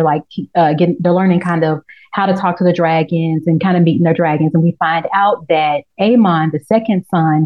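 Animated woman, dull lo-fi sound. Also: fairly low pitch. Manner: animated, acts out characters in quoted lines, swears freely. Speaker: podcast co-host recapping a TV episode. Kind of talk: casual chat.

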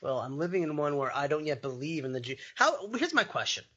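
A man's voice: a little high, very animated, a little fast, sharp tone, lo-fi sound. A man in his forties co-hosting a comedy politics podcast, joking and rambling in casual chat. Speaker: podcast co-host.

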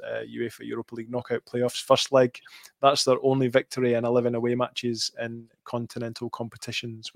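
A man's voice: mid-range voice, no echo. A Scottish man co-hosting a football podcast, cheerfully reeling off statistics between bits of casual chat. His voice is recorded close and dry, with no room sound. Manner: lively, reels off match statistics. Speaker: podcast co-host.

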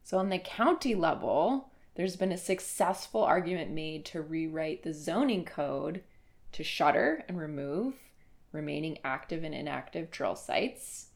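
A woman co-hosting a podcast in casual, upbeat conversation. Her voice sits on the low side and has a gravelly fry to it. She talks warmly and plainly as she makes her points. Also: animated, a little slow. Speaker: podcast co-host.

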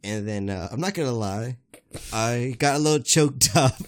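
A man's voice: mid-range voice, normal speed. A young man co-hosting a casual podcast, telling a story in a laid-back way and laughing through his words. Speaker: podcast co-host. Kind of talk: casual chat.

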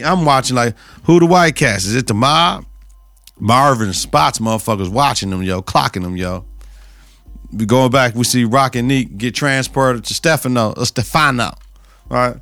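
Gravelly man riffing casually. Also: mid-range voice, a bit bright, no room sound. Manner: loose slang-heavy retelling with repeated catchphrases. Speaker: podcast host recapping a TV episode. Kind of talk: casual profane chat.

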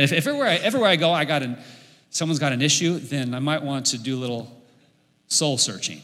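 Bright-voiced pastor preaching in a reverberant hall. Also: male voice, fairly high pitch, fast talker, long pauses. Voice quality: bright, lively preaching voice with humor. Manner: leads the congregation in repeating lines, jokes and laughs. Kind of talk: sermon. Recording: echoey hall with long reverb.

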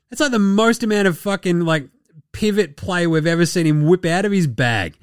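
An Australian man hosting a sports podcast, talking in a profane, joking, excitable way. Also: high voice, normal speed, clear, resonant tone, dry recording, clean studio sound. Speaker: podcast host. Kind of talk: casual sports commentary.

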